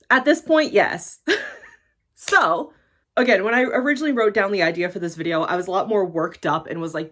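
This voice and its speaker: Blunt, lively American woman ranting to camera. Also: moderate pace. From United States. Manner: blunt, swearing, animated swings in pitch. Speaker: YouTuber. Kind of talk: casual vlog rant.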